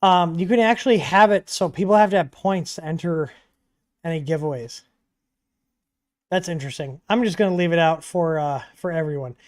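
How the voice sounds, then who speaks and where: A man hosting a casual livestream Q&A, talking in a relaxed, chatty way with frequent ums and asides, from a home studio. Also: a little high, normal speed. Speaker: livestream host answering 3D printer questions. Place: home studio with dogs nearby.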